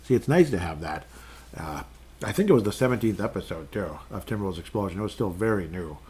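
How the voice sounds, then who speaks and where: Male podcast host, lower register, loose and chatty, reads fan comments on air. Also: animated, fast, warm tone, slightly rough. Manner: rambling, chatty, reads fan posts aloud. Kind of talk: casual solo sports podcast.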